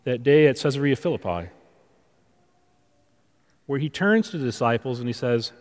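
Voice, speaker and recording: A man preaching a conversational sermon, full of rhetorical questions and pauses, in a church sanctuary. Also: mid-range voice, animated. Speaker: pastor. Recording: long reverb of a large hall.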